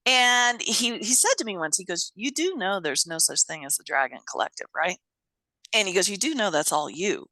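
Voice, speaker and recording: An animated woman guest telling a story in a casual interview, laughing often and swearing freely. Her voice is bright and swoops up and down. The recording is close and dry. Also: medium pitch, normal speed, no room sound, poor audio.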